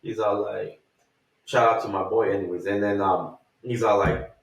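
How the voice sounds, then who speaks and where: A man's voice: on the low side, fairly even intonation, normal speed, vocal fry, heavy reverb, distant mic, rough recording. A man in a casual podcast chat, telling stories with quoted voices and plenty of swearing. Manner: swearing, storytelling with acted quotes.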